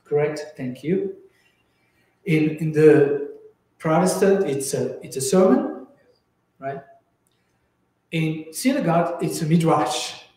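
A man leads a Torah class, speaking slowly and haltingly and restarting his sentences as he reaches for the next thought. His voice is mellow and sits a little high for a man, and it rings out in a very reverberant hall. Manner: slow, searching delivery with many restarts and fillers. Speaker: rabbi teaching a Torah class. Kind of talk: informal Bible teaching. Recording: very echoey room.

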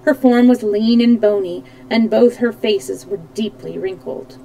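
A woman reads a storybook aloud on a live stream, steady and unhurried. She fixes the odd slip as she goes. Her voice is soft and mellow, with a faint hiss underneath. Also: a little high, creaky, poor audio. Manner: steady reading with small slips and self-corrections. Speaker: storytime host. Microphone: streaming mic.

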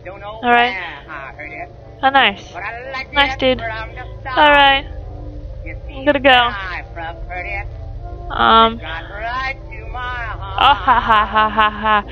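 A woman's voice: on the high side, steady tone, drawn-out words, long pauses, dull audio, music in the background. A young woman commenting on her game as she plays, chatty and swearing as she reacts. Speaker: gamer. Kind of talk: let's play commentary.

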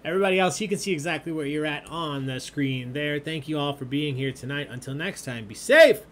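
A man's voice: on the high side, fairly even intonation, brisk, a bit bright. A man hosting an online trivia game, reading out questions and answers in a jokey, chatty way. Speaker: trivia host. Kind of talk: live-streamed trivia hosting.

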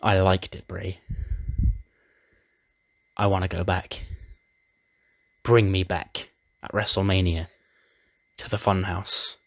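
A man voicing a dark male wrestler who speaks slowly and broodingly, defiant and a bit unhinged. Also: low voice, flat delivery, creaky, heavily acted. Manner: slow, brooding.

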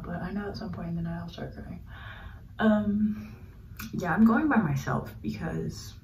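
A woman's voice: mid-range voice, a little hiss or hum. A young woman chats to her camera as she gets ready, gushing and rambling with plenty of slang. She sometimes sinks into a whisper mid-thought. The sound is roomy and a little distant, like a phone propped up across the room. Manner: gushing, chatty, frequent fillers and slang; drops to a whisper while doing makeup. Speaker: vlogger. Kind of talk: casual get-ready-with-me vlog. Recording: roomy, slightly distant home recording.

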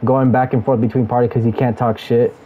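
A man's voice: medium pitch, flat delivery, fairly quick, narrow, tinny audio. A young man gaming, taunting a teammate over voice chat with aggressive, repetitive insults. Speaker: gamer streaming a match. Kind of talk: trash talk over game voice chat.

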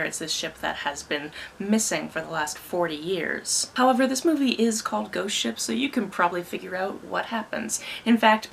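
A woman's voice: lowish voice, creaky, fairly bright tone, a little hiss or hum. A young woman from Canada casually recapping movies and books, with wry asides. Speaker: book and film vlogger.

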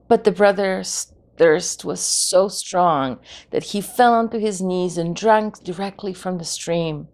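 A woman tells a folk tale slowly and gently, her low voice carrying a gravelly texture. She lingers over the words with expressive care, like reading a storybook aloud.

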